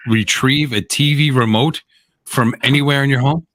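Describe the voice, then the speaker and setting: A man's voice: medium pitch, moderate pace, a bit bright, dry recording. A man in a casual group chat, telling short jokes and tossing out dry quips.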